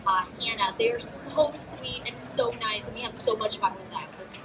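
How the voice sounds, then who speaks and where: A teenage guest actress answers questions on an auto show stage before a crowd, bubbly and giggly with lots of fillers. Her voice is a little high at a moderate pace, picked up by a distant mic with loud music and background noise behind her.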